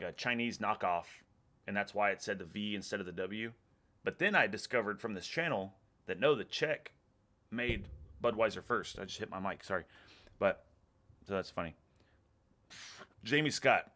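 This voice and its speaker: This streamer is a Texan man in his thirties whose fairly low voice comes across bright and forceful. Reading viewer comments aloud, he chats in a loose, easygoing way, laughing often and leaving sentences unfinished.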